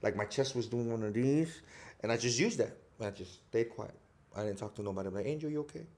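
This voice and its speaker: A man from Chicago, an actor guest on a casual podcast, telling animated stories and acting out quotes with frequent laughter. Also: on the low side, fairly quick. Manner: animated storytelling, acts out quotes, laughs often.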